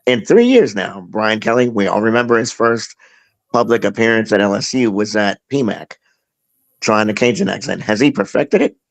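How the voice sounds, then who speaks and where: A man's voice: lowish voice, lively intonation, normal speed, creaky, rough recording. A man co-hosting a sports podcast who asks a guest questions in an easygoing way. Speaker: podcast co-host. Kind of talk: casual podcast interview.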